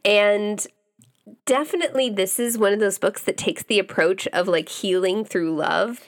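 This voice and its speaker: A woman's voice: medium pitch, normal speed. Young woman co-host, easy midrange voice, jumps in a lot. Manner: chiming in, finishing her co-host's sentences. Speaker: podcast co-host. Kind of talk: casual chat reviewing romance novels.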